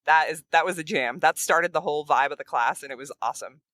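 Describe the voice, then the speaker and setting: A woman's voice: sits low, fast, no room sound. A woman guest telling a story in casual chat, acting out the quotes, while she drives a car. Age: adult. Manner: animated, acts out quotes. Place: in a moving car.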